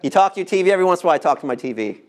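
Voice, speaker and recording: A man's voice: sits high, animated, rapid-fire. A man in his fifties preaching a sermon as pastor, passionate, asking the congregation rhetorical questions and dropping to near whispers on key words. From United States. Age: 50s.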